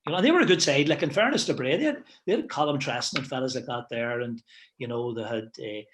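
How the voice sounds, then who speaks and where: A middle-aged football manager reminiscing in a casual interview, rambling with plenty of "you know" and restarts. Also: male voice, mid-range voice, expressive, fast talker, a bit bright.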